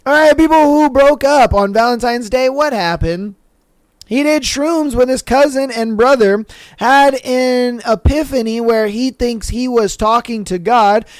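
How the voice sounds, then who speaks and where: A man's voice: extremely high pitch, a little slow, no echo, clean studio sound. A podcast host chatting casually and reading online threads, slangy and laid-back, calling listeners bro and man.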